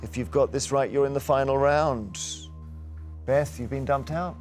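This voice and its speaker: A man's voice: medium pitch, moderate pace, a little mellow, faint music behind. A man hosting a quiz show in a TV studio, upbeat and teasing as he reads out questions.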